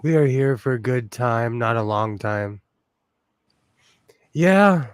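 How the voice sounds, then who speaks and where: A man's voice: medium pitch, animated, unhurried, pauses often, dry recording. A man, hosting a casual livestream while he sews, rambling and sentimental with lots of fillers. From United States. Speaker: host.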